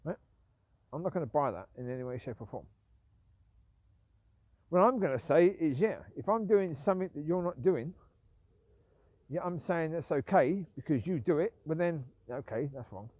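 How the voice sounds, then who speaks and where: A man with a slightly high voice rambles through a casual vlog monologue. He sounds aggrieved and keeps justifying himself, looping back to the same points. The sound is dry, with little room around it. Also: lively intonation, normal speed, pauses often, a little mellow, no echo. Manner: repetitive, aggrieved, self-justifying. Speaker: vlogger.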